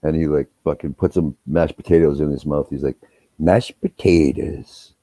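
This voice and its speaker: A man's voice: extremely low pitch, fairly quick, dry recording. A man casually telling rambling, profane family stories on a live stream. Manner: profane, rambling, animated when retelling quarrels. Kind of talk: casual storytelling chat. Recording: dull, muffled audio.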